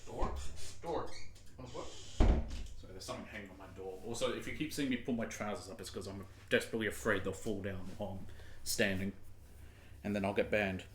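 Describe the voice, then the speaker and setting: A young man chatting casually to his stream while playing, rambling with quick asides. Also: fairly low pitch, fairly bright tone, slight background noise. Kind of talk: casual gameplay commentary.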